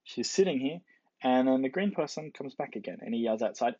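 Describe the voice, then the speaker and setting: A man's voice: medium pitch, lively intonation, brisk, dark tone, slightly rough, no echo. A man giving a casual explanatory lecture, playfully acting out the quoted characters. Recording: dull lo-fi dry recording.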